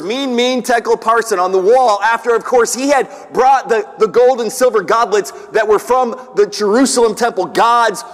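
A middle-aged man delivers a sermon in a fairly high voice. He tells stories, acts out the voices in them and restarts his sentences often. The sound rings with the long reverb of a large hall. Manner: storytelling, acts out quoted voices, pauses and restarts. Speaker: pastor.

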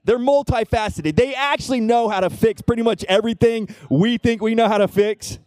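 A middle-aged man preaching a sermon, conversational, often checking in with the congregation with "right?" and dropping to a hush for personal stories. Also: brisk, no room sound, studio quality. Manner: drops to a hushed low voice when telling personal moments. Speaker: pastor.

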